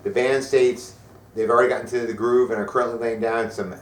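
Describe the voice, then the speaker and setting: A man's voice: medium pitch, fairly even intonation, a little fast. A male show host in casual, jokey banter about metal news, often slipping into silly impressions. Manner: jokey, mimics others with silly voices. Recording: roomy echo, mic at a distance.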